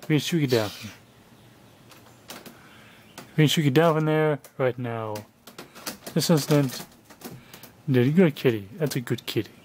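A man's voice: a little high, a little mellow, a little hiss or hum. A young man filming his cat at home, chatting casually and coaxing it in a raised voice, recorded on a handheld camera. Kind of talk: casual home video commentary. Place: family home indoors.

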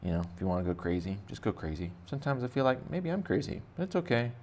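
A man's voice: medium pitch, very animated, fast talker, gravelly, darkish tone, a little hiss or hum. A man teaching kids to draw in a casual, rambling, jokey way, thinking aloud as he sketches. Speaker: art teacher. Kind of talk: casual drawing lesson for kids.

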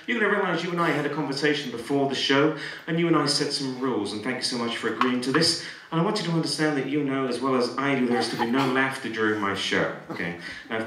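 Echoey stage hypnotist man, far off. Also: mid-range voice. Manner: soothing commands switching to loud playful outbursts. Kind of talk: live stage hypnosis show. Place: large hall with a live audience. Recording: echoey hall from far off, audience noise. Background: laughing audience.

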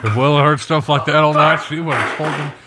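A man makes casual side remarks about an argument. His voice is slightly high, and loud background noise runs through the recording. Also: fast. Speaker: onlooker. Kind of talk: casual commentary.

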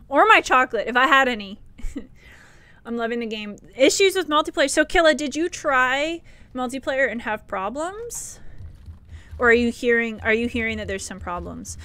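Bright, lively woman streamer. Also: a little high, smooth, no echo. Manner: excitable, chatty, quick to laugh, talks to chat. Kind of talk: live gameplay commentary.

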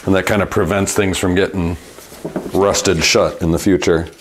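A man with a Midwestern accent, a bike mechanic narrating his repair work in a relaxed, matter-of-fact way as he goes. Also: deep voice, moderate pace, noisy background. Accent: Midwestern American. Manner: talks through each repair step aloud, relaxed and matter-of-fact. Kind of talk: casual workshop narration.

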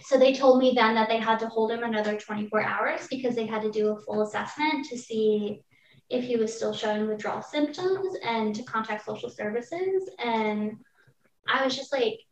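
A woman's voice: on the high side, normal speed. A young woman talking candidly on a podcast, telling a personal story vividly with lots of casual fillers. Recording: roomy, distant, dull-sounding mic.

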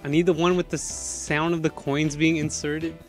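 A young man streaming a game, excitable and panicky, laughing often as he chats. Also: on the high side, moderate pace, soft background music. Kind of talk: gaming livestream chat.

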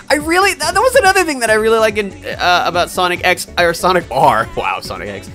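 A man's voice: high-pitched, sing-song, quick pace, hardly any pauses, pushed and bright. A young man live-streaming games, chatting casually and answering viewer questions in a rambling, hesitant way full of fillers and restarts. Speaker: game streamer. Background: faint game music.

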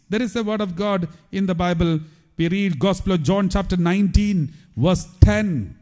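A priest preaching a sermon, with emphatic repetition. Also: male voice, high-pitched, a little mellow.

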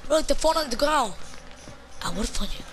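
A woman's voice: sits high, expressive, moderate pace, background noise. A woman casually commenting on a horror game she is playing, joking and mocking the characters. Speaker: let's play gamer. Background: game music.

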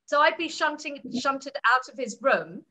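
A woman's voice: sits high, animated, moderate pace, bright, forceful tone. A woman speaking as a co-author at a book launch, explaining ideas step by step in a storytelling way.

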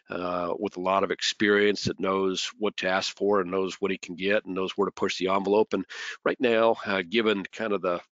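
A man's voice: low-pitched, a bit bright, no echo. A man hosting a business webinar, talking casually and often restarting his sentences. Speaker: webinar host. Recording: dull lo-fi dry sound.

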